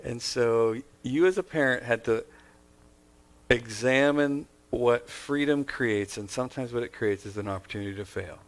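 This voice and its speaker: A male host who talks in a relaxed, conversational way. He jokes and laughs with his guest, and he retells her story back to her in his own words. His voice has a medium pitch. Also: moderate pace. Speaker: host, interviewer. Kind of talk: conversational interview.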